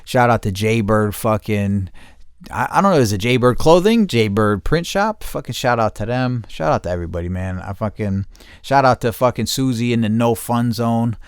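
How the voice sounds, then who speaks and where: A man hosting his channel, giving rambling shout-outs to his viewers and swearing constantly. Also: medium pitch, lively intonation, normal speed, clear, resonant tone, no room sound, clean studio sound. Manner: rambling and heavily profane. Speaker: channel host.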